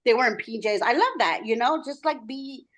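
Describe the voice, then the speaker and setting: A woman's voice: on the high side, expressive, a little fast, fairly bright tone. A woman from Texas with a Texan accent, chatting on a video call as a meetup attendee, talkative and a little self-conscious, mixing in Spanish words. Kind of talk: casual chat on a video call.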